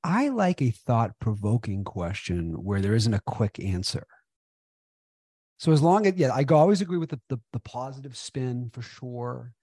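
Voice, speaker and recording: Animated husky-voiced man, guest speaker. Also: mid-range voice, no echo, clean studio sound. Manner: animated, emphatic, repeats for stress. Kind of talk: conversational interview.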